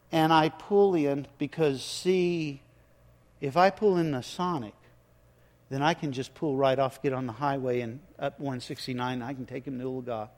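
An older man preaching a sermon, telling a story in an emotional, halting way. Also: mid-range voice, a little mellow, long reverb tail. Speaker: pastor.

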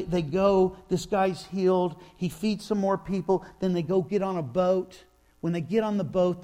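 Man preaching a storytelling sermon; slow and deliberate, with a gravelly tone. Low hum behind. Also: mellow. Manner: storytelling preacher, acts out sighs and quotes, slows for emphasis. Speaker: pastor.

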